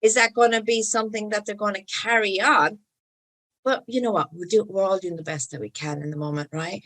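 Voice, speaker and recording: A woman with a middle-range voice joins a relaxed podcast conversation. She talks as a mother and chimes in emphatically, agreeing quickly. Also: medium pitch.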